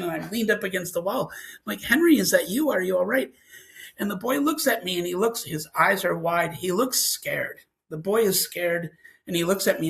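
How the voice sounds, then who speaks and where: Man, gravelly voice, guest scientist, storytelling, acts out dialogue. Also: high-pitched, fairly bright tone, rough recording. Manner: vivid storytelling, acting out quoted dialogue. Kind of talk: telling a personal story.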